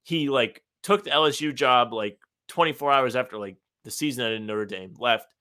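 A man with a bright, forward voice chats on a sports podcast. He tells long, wandering anecdotes and plays up his outrage for laughs, his pitch sitting in an ordinary middle range. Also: moderate pace. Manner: rambling, animated storytelling with mock indignation. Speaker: podcast co-host. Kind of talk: casual sports podcast chat.

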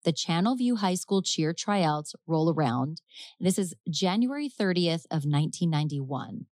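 A woman hosting a podcast, casually telling a true-crime case, chatty and quick to laugh as she acts out quotes. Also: on the low side, expressive, darkish tone, dry recording. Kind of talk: casual storytelling chat.

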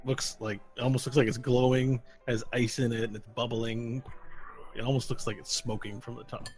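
A man narrating a tabletop game as game master, casual and halting, with frequent restarts. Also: mid-range voice, flat delivery, a little mellow, soft background music.

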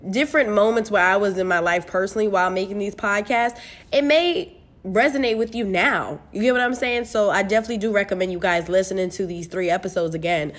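A young woman from the United States hosting her own podcast, talking casually and candidly, swearing freely and getting animated. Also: medium pitch. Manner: candid, profane, animated with bursts of laughter. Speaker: podcast host. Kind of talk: casual solo podcast chat.

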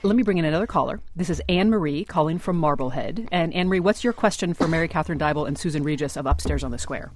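A man hosting a call-in radio show, introducing callers briskly by name and town. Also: fairly high pitch, a little hiss or hum.

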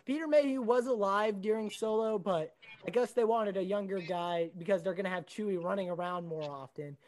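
A man hosting a casual movie chat, joking and animated. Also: high voice, fairly quick, a little hiss or hum, rough recording. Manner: joking, animated, does playful impressions. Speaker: podcast host. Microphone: home microphone on a call.

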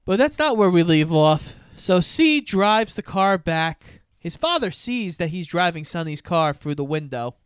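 A man's voice: high-pitched, very animated, unhurried, few pauses, clean tone, no room sound, studio quality. A man casually retelling a film's plot scene by scene and voicing the characters he quotes. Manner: storytelling, voices characters in quotes. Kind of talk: casual chat recapping a film.

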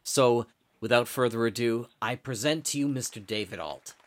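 A man's voice: mid-range voice, moderate pace. A man hosting an audio drama show and introducing a story he wrote, in a scripted announcer style. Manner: warm-up announcer delivery, lively. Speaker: host and author.

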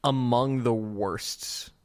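A man's voice: medium pitch, fairly even intonation, extremely slow, a little mellow. Laid-back rambling man. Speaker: podcast co-host. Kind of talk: casual chat.

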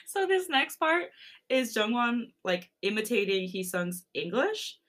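A woman's voice: on the high side, very animated, a little slow, a bit bright. A woman podcast co-host reading fan fiction aloud, often laughing and breaking off to chat.

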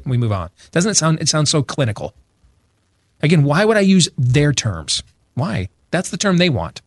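A man's voice: medium pitch, no echo, clean studio sound. A man giving opinionated talk-show commentary, emphatic, repeating phrases for force. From Iowa, US. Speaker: radio show guest.

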